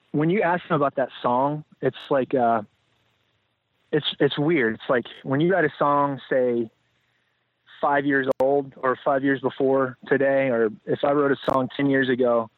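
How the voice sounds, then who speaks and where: A man appears as a podcast guest, reflective and rambling, full of fillers and restarts in casual interview talk. His medium-pitched voice is fairly even and unhurried, with long pauses. The line sounds tinny and phone-like, and it's dry with no room sound.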